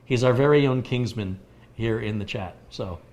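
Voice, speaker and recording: A man's voice: medium pitch, moderate pace, darkish tone, slight background noise. An American man hosting a live computer repair stream, explaining hardware with everyday analogies as he answers viewer questions. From United States. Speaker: computer repair livestream host.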